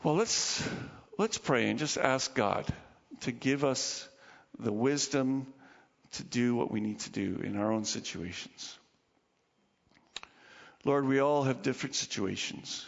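Male pastor, sermon storyteller, gravelly tone, reverberant hall, muffled lo-fi sound. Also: medium pitch, lively intonation, unhurried. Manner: storytelling with acted quotes and chuckles.

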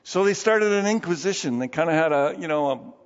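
A man preaching a sermon, telling a story in an animated, folksy way. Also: on the high side, brisk. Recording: dull sound with long hall reverb.

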